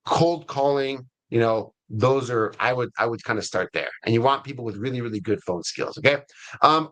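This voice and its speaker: A man's voice: mid-range voice, fairly bright tone. A man speaking as a guest in a webinar interview, explaining casually and often checking in with the listener. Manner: conversational, checks in with frequent "right?" and "okay?". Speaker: guest, CEO of an ISA staffing firm.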